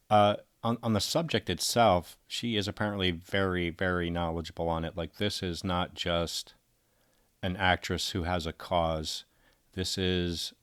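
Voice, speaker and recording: A man's voice: deep voice, a bit bright, no echo, studio quality. A man commenting on a video clip, thinking aloud in a musing, tentative way and often correcting himself.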